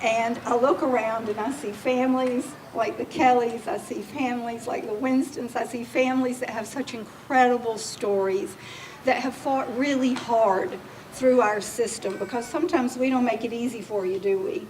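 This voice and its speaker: A woman's voice: on the high side, fairly even intonation, moderate pace, a little mellow. Heartfelt woman giving a speech. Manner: heartfelt and emotional. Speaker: state agency official presenting awards. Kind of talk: public speech at an event. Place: public reception event. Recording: distant mic with faint background noise.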